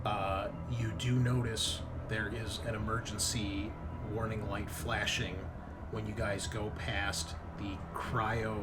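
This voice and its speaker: A man running a tabletop game as game master, relaxed and joking, often pausing with fillers. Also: on the low side, very noisy.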